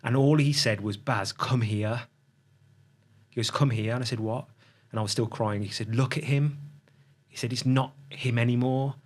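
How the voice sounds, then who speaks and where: A middle-aged man telling a personal story as a podcast guest, reflective and halting, often restarting his sentences. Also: medium pitch, steady tone, a little mellow.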